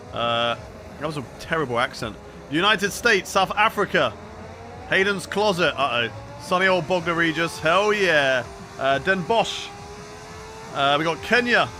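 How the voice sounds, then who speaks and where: A man's voice: sits high, slight background noise. Chatty streamer man from the UK. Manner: chatty, reads chat aloud, excitable. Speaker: gaming streamer. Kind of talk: live gameplay commentary.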